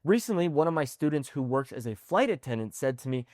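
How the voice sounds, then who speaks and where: A man teaching an online language lesson, animated and often checking in with "okay?". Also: medium pitch, fast talker, no room sound, clean studio sound. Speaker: Spanish teacher.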